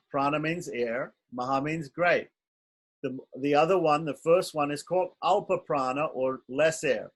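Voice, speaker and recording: A man teaching Sanskrit consonants in an online class, patiently repeating each sound and explaining it step by step. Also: fairly high pitch. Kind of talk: slow, patient online lesson.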